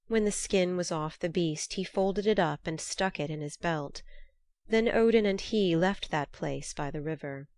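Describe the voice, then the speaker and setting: A woman narrating a storybook in a steady, measured reading. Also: deep voice, no room sound, studio quality.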